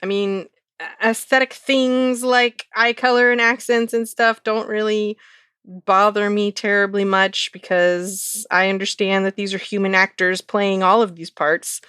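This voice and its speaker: A woman's voice: mid-range voice, steady tone, a little slow, fairly bright tone, clear, resonant tone, no echo, studio quality. A woman co-hosting a podcast in casual chat, teasing and insistent as she argues. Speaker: podcast co-host.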